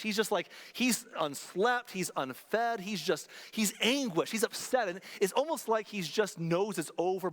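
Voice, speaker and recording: A man preaching in a church sanctuary, his fairly high voice carrying a long reverb tail. He moves through the sermon in a conversational, storytelling way and repeats key lines for emphasis. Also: a bit bright. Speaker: pastor.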